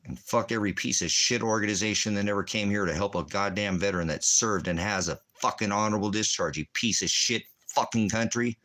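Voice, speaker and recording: A man's voice: lowish voice, brisk, hardly any pauses, pushed and bright. A man, a military veteran, delivering an angry, profane, rambling rant. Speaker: veteran ranting.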